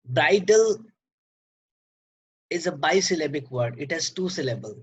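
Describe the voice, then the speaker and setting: A man lecturing on poetry, slow and halting, repeating words and filling pauses as he explains. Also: a little high, lively intonation.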